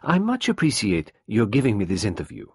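A man voicing a nervous, irritable young man who speaks hesitantly with halting pauses and turns curt. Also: on the low side, huge pitch swings, a little mellow, breathy edge, no room sound, clean studio sound, heavily acted. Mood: uncertain.

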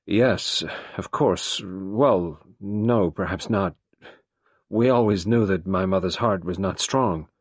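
A man's voice: low voice, breathy edge, dry recording, clean studio sound, heavily acted. A man doing a nervous, irritable young man. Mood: uncertain. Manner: hesitant, halting, then curt.

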